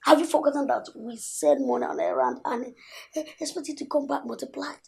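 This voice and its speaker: Brief: a scheming young prince, high, gravelly and lively. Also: male voice, fairly quick, exaggerated voice. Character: young adult royal son, brash and scheming. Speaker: prince, king's son. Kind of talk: film acting.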